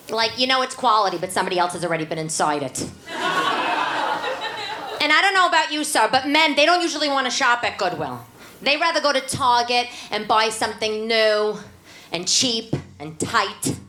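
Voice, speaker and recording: A woman playing a brash, divorced New York single mother with a nasal New York accent, doing loud, brassy crowd work in a live cabaret comedy set on stage. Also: a little high. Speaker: stand-up character. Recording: echoey room, noisy live venue.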